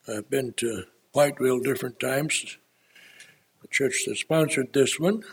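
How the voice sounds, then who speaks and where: A man in his eighties preaching an unscripted sermon from the pulpit, folksy and rambling, with frequent pauses and filler words. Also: mid-range voice, slightly rough.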